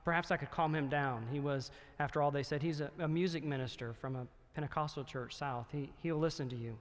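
A middle-aged male pastor telling a story in a sermon, earnest and growing hushed and solemn. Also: a little high, steady tone, fairly quick. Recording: long reverb of a hall.

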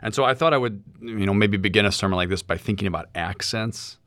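Middle-aged professor guy, low voice, lots of uhs and restarts, dry mic. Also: fast talker, a bit bright, no echo. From St. Louis, USA. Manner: thinking aloud, many fillers and restarts. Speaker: seminary professor. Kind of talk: podcast discussion on sermon planning.

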